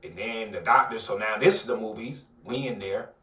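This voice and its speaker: A man with an Atlanta accent telling a dramatic personal story in an interview, acting out the voices and swinging between loud outbursts and near-whispers. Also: on the low side, a little fast. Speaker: guest telling his life story. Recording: roomy, somewhat distant mic.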